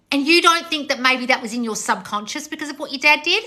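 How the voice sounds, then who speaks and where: A woman's voice: sits high, expressive, brisk, few pauses, bright, forceful tone. A woman coach hosting a live-stream Q&A on her phone, bluntly answering viewer comments with frequent swearing and laughter. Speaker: manifestation coach.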